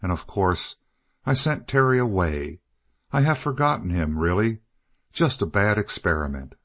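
A man voicing a proud, guarded older woman for an audiobook, raising his voice slightly higher and softer. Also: expressive, normal speed, no echo.

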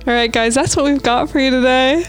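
A woman's voice: sits high, fairly even intonation, a little fast, soft background music. A woman co-hosting a podcast, reading listener stories aloud in a casual, playful way with asides. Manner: reads posts aloud with playful asides and laughs.

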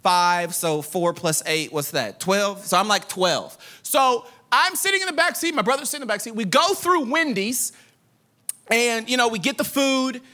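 A young adult man preaching a sermon as pastor, telling stories in an animated way with playful quoted voices. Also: very high voice, normal speed.

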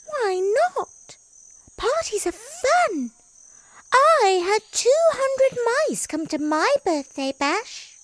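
A woman voicing a small, chatty, eager mouse in a storybook reading, with a squeaky, drawn-out voice. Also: big pitch swings, exaggerated voice.

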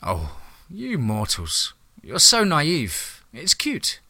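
A man voicing the devil as a smooth, seductive woman in a spoken horror story, teasing and sly. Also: a little high, huge pitch swings, drawn-out words, sharp tone, dry recording, studio quality, pitched above the performer's own voice, full character voice.

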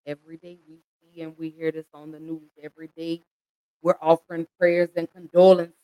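A woman's voice: low-pitched, completely flat delivery, a little fast, warm tone, no room sound, poor audio. Impassioned American woman, dry close sound. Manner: impassioned, pleading, addresses listeners as y'all. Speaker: host. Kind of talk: emotional commentary.

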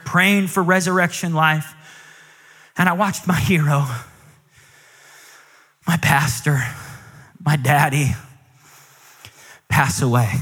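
A man in his thirties delivers a storytelling sermon in a high, bright voice, acting out each exchange with climbing intensity. His words ring out with a long reverb tail from a large church auditorium. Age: 30s. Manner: animated, acts out quoted dialogue, pitch climbs with emotion. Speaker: guest preacher.

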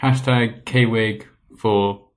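A man's voice: fairly low pitch, fairly even intonation, slow. Dry, teasing man podcaster. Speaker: podcast co-host. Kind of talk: casual chat.

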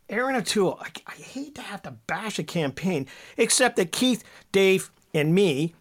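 Chatty man with a slightly high voice. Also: normal speed. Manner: animated, chatty, strings thoughts with fillers. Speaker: political panelist. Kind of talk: political commentary chat.

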